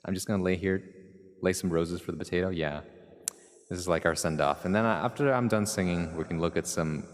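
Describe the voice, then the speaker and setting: Rambling American man streaming, low voice. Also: a little fast, long reverb tail. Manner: rambling, jokey, talks straight to viewers. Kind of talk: casual chat with live chat.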